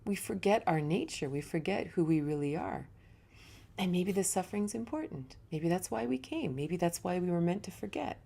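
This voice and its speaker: A woman yoga teacher gives a reflective spiritual talk in a low, warm voice without any bright edge, slightly rough and creaky. She speaks at a moderate pace, relaxed and conversational, weaving stories into her teaching.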